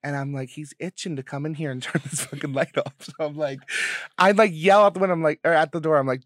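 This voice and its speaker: A young man co-hosting a casual podcast chat, telling animated, profanity-laced stories with a dry close sound. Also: on the high side, quick pace, no echo. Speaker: podcast co-host.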